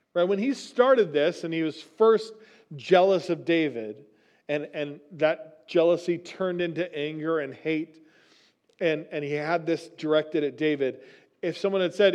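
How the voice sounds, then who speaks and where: Male pastor, sermon delivery, chatty teaching tone, voice a bit on the high side. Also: darkish tone. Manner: conversational teaching with frequent restarts and "right?" asides.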